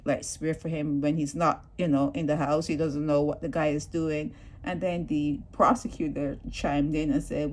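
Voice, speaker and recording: A woman vlogger giving animated, indignant commentary on a court case, talking straight to her viewers. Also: deep voice, slightly rough. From Barbados. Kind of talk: opinionated news commentary.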